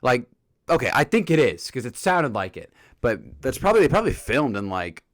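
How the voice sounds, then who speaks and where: Animated man with a lively voice. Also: mid-range voice, brisk, no room sound. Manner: animated, jokey, acts out characters' lines. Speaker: TV episode reviewer. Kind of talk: casual review vlog.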